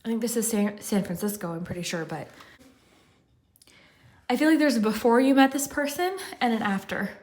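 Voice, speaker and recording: A woman's voice: on the high side, normal speed, long pauses, darkish tone. A woman giving a casual pick-a-card tarot reading, out of breath and rambling with lots of fillers. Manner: chatty, rambling, many "like" fillers. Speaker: tarot reader.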